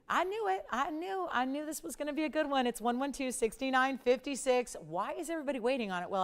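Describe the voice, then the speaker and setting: Hoarse chatty shopping-channel woman. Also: on the high side. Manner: chatty, fast-talking, joking asides. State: hoarse, losing her voice. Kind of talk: live TV jewelry selling. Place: TV studio.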